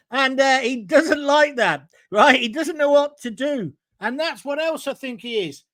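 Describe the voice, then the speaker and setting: Combative high-voiced man host. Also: expressive, unhurried, no echo. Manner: combative, emphatic, rising to near shouts. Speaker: host of a live online political show. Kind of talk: opinionated live-stream commentary reading viewer comments.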